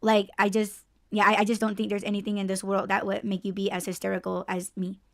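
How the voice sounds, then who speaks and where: A woman hosting a casual podcast chat, talking in an excitable, expressive way and laughing often. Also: medium pitch, fast talker, gravelly, no echo, clean studio sound. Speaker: podcast host.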